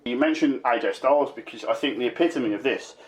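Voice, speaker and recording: A man's voice: mid-range voice, fast. Chatty man in a roomy room. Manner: rambling, emphatic, full of fillers. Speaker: podcast co-host. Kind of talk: casual wrestling chat. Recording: roomy echo.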